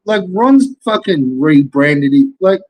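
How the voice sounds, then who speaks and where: A man's voice: a little high, animated, takes it slowly, lo-fi sound. An Australian man, a young adult, ranting in casual commentary, swearing constantly and rambling through rhetorical questions. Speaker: commentary streamer.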